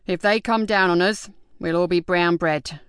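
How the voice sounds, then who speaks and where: A woman voicing a gruff, cautious male fire officer who gives slow, steady warnings, in an audiobook. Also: fairly low pitch, no echo, studio quality, lightly acted.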